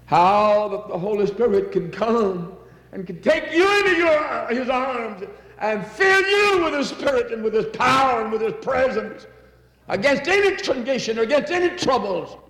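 A man's voice: very high-pitched, big pitch swings, normal speed. Fervent preacher man in an echoing hall. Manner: fervent, rising to near-shouts on emphasis. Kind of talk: sermon. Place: church.

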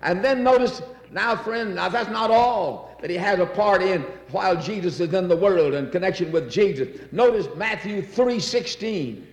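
A fervent male preacher with a high voice delivers a sermon, repeating his phrases and reading scripture aloud. His voice rings through a large hall with a long, echoing tail. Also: animated, normal speed, few pauses. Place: church. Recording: echoey hall.

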